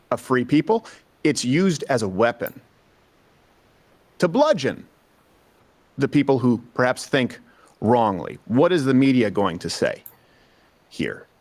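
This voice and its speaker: A man's voice: medium pitch, no echo. Emphatic male commentary host, dry sound. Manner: emphatic, rhetorical questions to the audience. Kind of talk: scripted political commentary.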